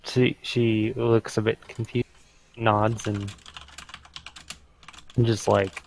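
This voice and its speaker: A man's voice: fairly low pitch, level tone, vocal fry, a little mellow, slight background noise. A man playing a tabletop game who hesitantly describes what his character does. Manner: hesitant, halting. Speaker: player.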